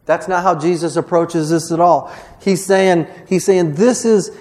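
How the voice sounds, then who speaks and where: A male pastor delivering a sermon in a fairly high voice. He talks in a conversational, earnest way, often restarting his phrases. He acts out quoted lines as he goes. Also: fairly even intonation, a little slow, darkish tone.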